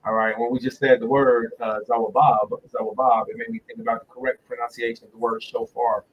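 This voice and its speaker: A man giving a casual religious teaching on a livestream, talking loosely and repeating words slowly, into a phone in front of him. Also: mid-range voice, flat delivery, distant mic, highs cut off, slight background noise. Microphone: phone directly in front of him.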